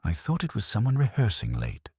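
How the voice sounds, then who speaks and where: A man voicing a grizzled, anxious older male stage manager who speaks gruffly. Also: lowish voice, wildly swooping pitch, fairly quick, darkish tone, no room sound, studio quality, voice pushed up, full character voice. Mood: uneasy. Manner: gruff, plain-spoken.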